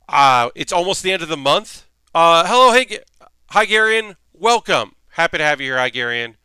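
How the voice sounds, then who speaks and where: A man with a very bright, crisp voice talks through a card game on a live stream. He thinks out loud, filling pauses with ums and restarting sentences. The sound is dry and close, with no room around it. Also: medium pitch, no echo. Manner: chatty, thinking aloud with many ums and restarts. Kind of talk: casual live-stream commentary.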